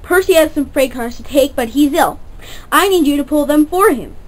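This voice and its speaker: A woman's voice: high voice, expressive, moderate pace, a little mellow, low-quality recording. A woman voicing a stern, portly male railway boss in a toy-train story, bossy and fussing.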